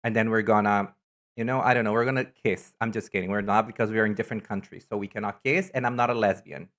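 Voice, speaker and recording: A woman streamer in casual live-stream chat, talkative and teasing, answering chat messages with sudden high, loud exclamations. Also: fairly even intonation, fast. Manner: chatty, reacts to chat messages with loud teasing jumps in pitch.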